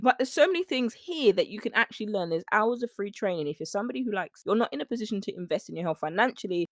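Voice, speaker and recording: A woman's voice: mid-range voice, no echo. A chatty woman hosts her own podcast, swooping up and down as she wanders into playful asides. The sound is dry and close. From United Kingdom. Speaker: podcast host and nutrition coach. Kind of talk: solo podcast monologue.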